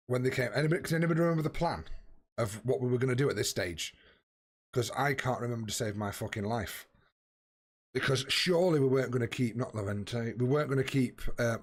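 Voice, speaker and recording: Husky-voiced streamer, sweary. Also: male voice, medium pitch, fairly quick. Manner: chatty, swears freely, talks to viewers by name. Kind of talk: casual live-stream chat while playing.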